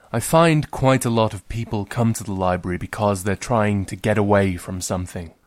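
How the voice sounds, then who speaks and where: A man's voice: on the low side, dry recording, studio quality. A man, hosting as a librarian storyteller and reading a short story aloud with wry humour. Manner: wry, gently humorous.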